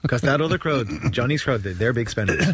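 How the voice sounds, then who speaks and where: A man in a casual chat, chipping in with teasing jokes and quick questions. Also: medium pitch, lively intonation.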